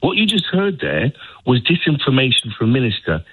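A man's voice: medium pitch, wildly swooping pitch, a little fast, breathy edge, no echo. A man calling a radio phone-in, opinionated and emphatic. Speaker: caller. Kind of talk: phone-in call. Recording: tinny phone line.

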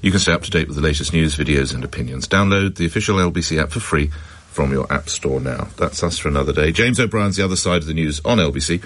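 Man, radio phone-in host, very low voice, quick delivery, brisk questions. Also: fairly bright tone. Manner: brisk, probing, sympathetic. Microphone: studio microphone.

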